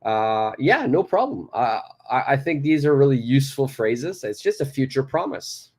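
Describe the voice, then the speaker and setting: A man's voice: medium pitch, big pitch swings, moderate pace, a little mellow. A man teaching an English lesson, patiently explaining phrases and repeating examples aloud. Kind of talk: live online grammar lesson.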